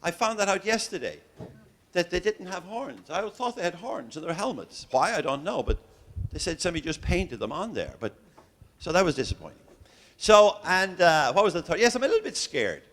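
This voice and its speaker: A man's voice: high-pitched, big pitch swings, normal speed, fairly bright tone. A man from Ireland with an Irish accent, giving a genial, joking lecture to religious educators as a visiting professor, with frequent hesitations. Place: lecture hall.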